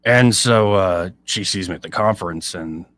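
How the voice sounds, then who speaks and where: Low-voiced joking talk radio host. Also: male voice, normal speed, fairly bright tone. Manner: joking, rambling storyteller. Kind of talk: casual chat.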